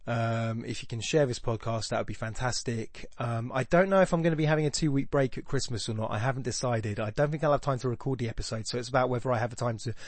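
A man's voice: medium pitch, quick pace, few pauses, dry recording. A man hosting a podcast, thinking aloud in a rambling, reflective way with frequent restarts. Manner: thoughtful, rambling, with many restarts. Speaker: podcast host. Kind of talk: casual reflective monologue.

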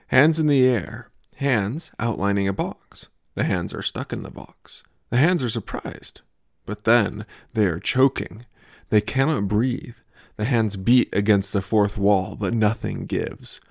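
Gravelly young man reading deadpan comedy. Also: lowish voice, dry recording, studio quality. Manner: absurd deadpan humor in a storytelling voice. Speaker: podcast host. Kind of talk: scripted comic newsletter reading.

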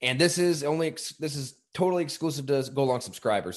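A man's voice: on the high side, animated, quick pace, hardly any pauses. A man hosting a sports podcast, talking eagerly and a little out of breath, with lots of fillers. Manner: eager, rambling promo with fillers. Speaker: podcast host. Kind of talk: casual podcast talk.

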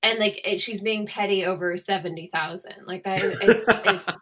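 A woman's voice: mid-range voice, moderate pace, a bit bright. A woman co-hosting a podcast, telling rambling, chatty stories in casual conversation. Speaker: podcast co-host. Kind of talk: casual chat.

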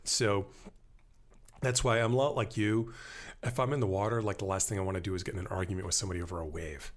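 Podcast guest, male, low voice, animated rambling storyteller. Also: fast talker. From born in Germany to American parents. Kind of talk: casual conversation.

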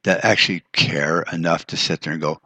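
A man's voice: sits low, steady tone, fairly quick, pushed and bright, no room sound. An American man hosting a podcast, delivering a blunt, frustrated monologue full of swearing. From United States. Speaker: podcast host. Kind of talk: profane ranting monologue.

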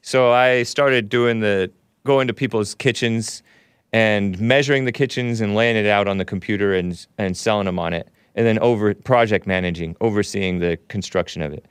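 Chatty male call-in host, smooth voice. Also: normal speed, no echo, studio quality. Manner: chatty, laughs often, sudden jumps in pitch. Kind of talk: casual call-in talk.

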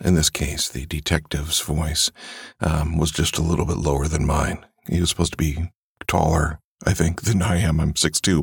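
Male narrator with a cold, casual podcast talk, husky and dry-sounding. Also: very deep voice, no echo. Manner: relaxed, musing, many fillers. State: has a cold. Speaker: audiobook narrator.

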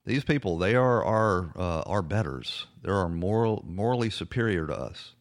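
Male talk host, very low voice, indignant, halting with fillers. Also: lively intonation. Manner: indignant, hesitant with many fillers. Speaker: political talk show host. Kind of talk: conservative radio talk commentary.

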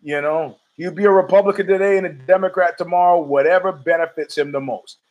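A man's voice: fairly high pitch, fairly even intonation, fairly quick, a little mellow, muffled recording. A middle-aged man hosting a podcast, rambling through a profane, opinionated monologue full of restarts. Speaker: podcast host.

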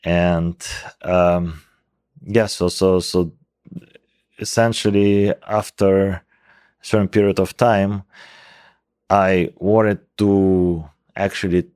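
A man's voice: deep voice, little pitch movement, slow, long pauses, darkish tone, clear, resonant tone, dry recording, clean studio sound. A man in his forties from Russia with a thick Russian accent, a scientist talking in an interview with many fillers and restarts. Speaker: guest scientist. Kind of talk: casual interview conversation.

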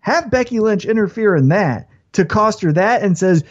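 A man hosting a podcast in casual chat, telling stories in an animated way and acting out scenes. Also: sits high, normal speed, highs cut off. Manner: animated storytelling, acts out scenes. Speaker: podcast host.

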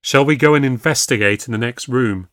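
A man's voice: mid-range voice, brisk, a bit bright, no echo, clean studio sound, natural voice. A man voicing a nervous, eager young traveller in a spoken ghost story.

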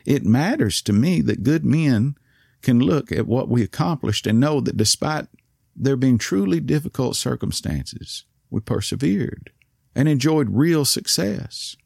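A man with an East Texas accent telling a story in a soft voice whose words slur, courtly and wry. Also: medium pitch, lively intonation, unhurried, creaky, breathy edge, no echo, clean studio sound. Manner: courtly, old-fashioned and wry. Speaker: podcast host. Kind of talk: storytelling monologue.

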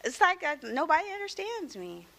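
A mother talking about her family, hesitant and halting, searching for her words. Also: very high voice, very animated, gravelly, fairly bright tone. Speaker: guest, mother of children. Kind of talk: personal conversation.

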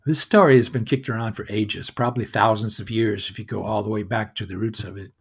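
A man narrating a fairy tale in a measured, wry storytelling manner. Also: on the low side, fairly even intonation, vocal fry, husky.

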